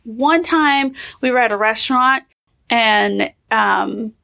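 A young pregnant woman chatting casually and telling lively stories, acting out what people said. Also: on the high side, slow pace, creaky. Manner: animated storyteller, acts out quotes. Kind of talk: casual chat.

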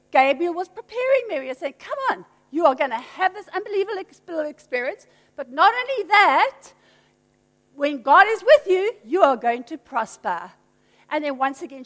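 A woman's voice: very high voice, fairly bright tone. A woman preaching a sermon, emphatic and teasing with playful asides. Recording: long hall reverb.

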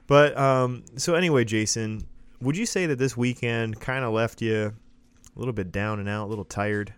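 A man's voice: medium pitch, moderate pace, smooth, no echo. Male podcast co-host, upbeat and chatty, resonant voice, dry close sound. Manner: upbeat, laughs easily. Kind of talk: casual chat.

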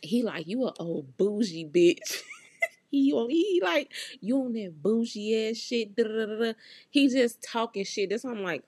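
A young woman with a slightly low voice spins a story on her podcast, blunt and profane, and acts out every quoted line. Her voice sits close and dry on the mic, with no room sound around it. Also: a little mellow, dry recording. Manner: blunt, profane and candid, acting out quoted dialogue. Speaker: podcast host. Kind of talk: casual storytelling monologue.

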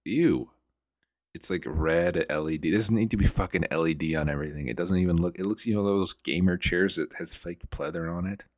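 A man's voice: low-pitched, fairly quick, no echo, studio quality. A man hosting a casual solo talk show, rambling and swearing freely as he browses on his computer. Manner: rambling, profane, restarts a lot. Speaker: podcast host. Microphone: desk mic at computer.

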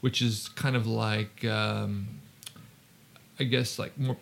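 A man's voice: lowish voice, fairly even intonation, slow pace, gravelly, slight background noise. A man hosting a podcast interview, chatty and teasing, with lots of "like" fillers. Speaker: podcast host. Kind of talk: casual interview chat.

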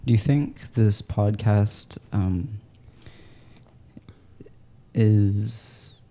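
A man co-hosting a podcast in casual chat, making dry, deadpan quips. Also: lowish voice, drawn-out words, a little hiss or hum. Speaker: podcast co-host.

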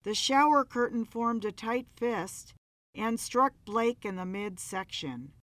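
A woman narrating a story in a measured, dramatic reading. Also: fairly high pitch, animated, fairly bright tone, no echo.

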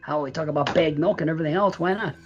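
A podcast co-host reviewing a horror film in casual, animated chat, cursing and laughing often. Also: medium pitch, racing, highs cut off, over music.

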